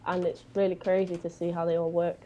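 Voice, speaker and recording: British woman, low-pitched, rambling guest singer on a call. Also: flat delivery, fast talker, dark tone, dull audio, slight background noise. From Britain. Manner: chatty, rambling storytelling with fillers. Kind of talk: casual chat.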